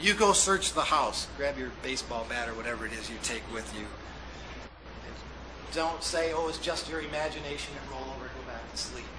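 A man's voice: fairly high pitch, sharp tone, slight background noise, poor audio. A man preaching a sermon as pastor, building to emphatic peaks and acting out the lines of husbands and wives. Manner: preaching with rising emphasis, acting out quoted dialogue.

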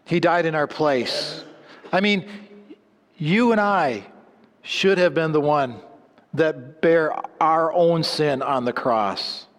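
A man preaching a sermon, swinging between emphatic lines and low, hushed endings. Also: takes it slowly. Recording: long hall reverb.

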